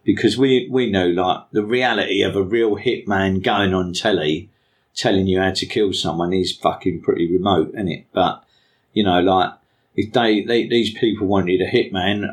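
A man's voice: deep voice, fairly even intonation, normal speed. A man telling a self-mocking story in a chatty way. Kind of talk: casual storytelling.

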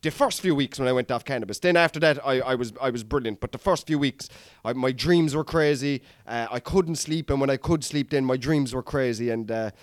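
Addressing his listeners as lads, an Irish comedy podcast host spins a rambling, profanity-laced story in casual monologue form. His medium-pitched voice moves a little fast, captured dry with clean studio sound.

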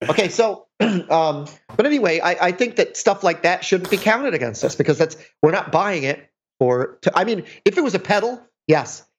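A man's voice: high voice, animated, moderate pace, hardly any pauses, slight background noise. Podcast co-host, middle-aged man, sarcastic rambler, muffled lo-fi sound. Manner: rambling, self-mocking, sarcastic. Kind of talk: casual chat. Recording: dull lo-fi sound.

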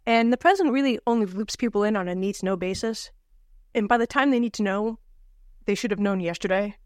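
A woman co-hosting a casual book podcast, sardonic and animated, with the odd swear. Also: medium pitch, a little fast, no room sound, studio quality. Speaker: podcast co-host. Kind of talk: casual book-club chat.

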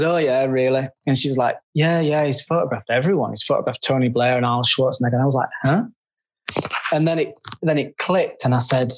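Man, photographer guest, mid-pitch voice, chatty, halting restarts. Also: slight background noise. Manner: chatty, halting, self-described grumpy. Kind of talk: casual interview chat.

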